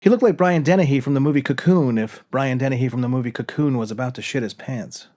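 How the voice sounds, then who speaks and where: A man's voice: mid-range voice, fast, warm tone. A man narrating a comic short story aloud with a dry, wry delivery. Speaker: narrator reading his own short story.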